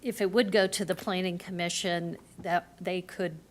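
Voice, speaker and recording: Board member, woman, low pitch, measured questioner. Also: fairly even intonation. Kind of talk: board discussion. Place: county commission meeting room.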